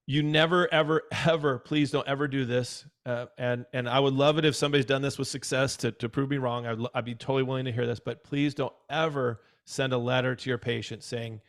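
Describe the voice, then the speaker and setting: A man speaks in a casual, advisory way at a middle pitch. He talks emphatically and repeats himself for stress. He often acts out the words of his clients. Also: steady tone, brisk. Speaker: dental practice consultant.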